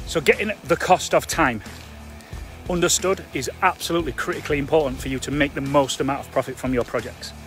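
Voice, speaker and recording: A man's voice: fairly high pitch, fairly quick, fairly bright tone, soft background music. A man giving a blunt, emphatic live-stream coaching talk to property investors, chatty and full of fillers. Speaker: construction trainer for property investors.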